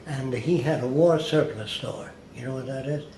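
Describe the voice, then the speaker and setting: The speaker, a man with medium pitch and a moderate pace, is a guest in an interview telling anecdotes and acting out the people he quotes with liveliness. Room echo and a faint hiss are present.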